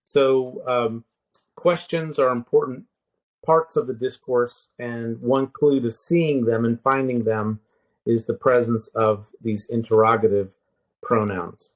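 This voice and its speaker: A man of mid pitch walks a listener through Greek grammar in a casual, unhurried lesson. He explains patiently, pausing on fillers and restarting sentences, and spells out each word form slowly. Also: steady tone.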